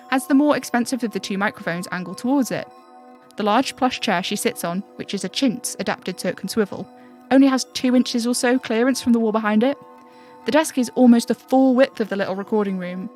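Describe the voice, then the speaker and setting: In an audio drama, a woman with a slightly high, natural voice plays a stand-in male radio advice host. It's a scripted monologue, and the host comes across as earnest, matter-of-fact, and prone to over-explaining.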